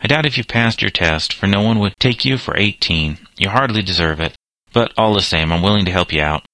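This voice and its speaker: A man's voice: lowish voice, animated, fairly quick, bright, forceful tone, dry recording. A man voicing an indignant grown motorist who scolds and mocks a young driver. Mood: mocking. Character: indignant grown male motorist, mocking then helpful.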